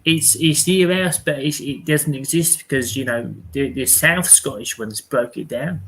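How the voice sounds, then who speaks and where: A man joining a casual stream chat with quick jokey remarks. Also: medium pitch, a bit bright, low-quality recording. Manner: quick jokey back-and-forth.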